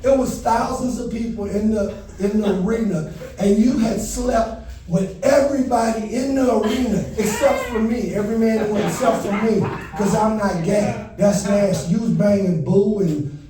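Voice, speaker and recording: Stand-up comic, man, high voice, warm tone, distant mic in a reverberant venue. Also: moderate pace. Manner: animated storytelling, shouting in panic bits. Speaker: stand-up comedian. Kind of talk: stand-up comedy set. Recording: echoey venue heard from a distance.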